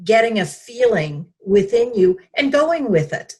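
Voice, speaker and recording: Woman interview guest, slow and reflective, husky voice, hesitant fillers. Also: on the high side, very animated. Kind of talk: conversational interview.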